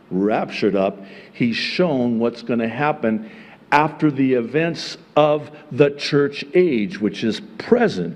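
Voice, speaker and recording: A middle-aged male pastor preaching at an unhurried, deliberate pace. He drops to quiet explanation, then rises to loud emphatic points, with folksy asides and chuckles along the way. His voice carries a long reverberant tail, as in a large hall. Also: mid-range voice. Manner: emphatic, swings from quiet teaching to loud exclamation. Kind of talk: sermon.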